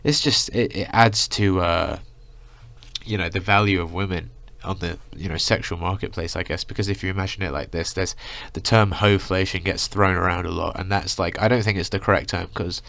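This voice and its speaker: A man's voice: low voice, steady tone, brisk, vocal fry, a bit bright, no room sound. A young man ranting through a casual storytime, rambling with lots of filler words. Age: young adult. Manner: rambling, full of "like" and "you know". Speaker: vlogger.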